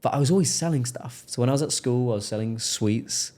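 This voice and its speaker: An English man, a podcast guest, telling stories in a relaxed interview and acting out the people in them. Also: medium pitch, a little fast. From England. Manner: animated storyteller, acts out quoted voices. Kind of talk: casual interview storytelling.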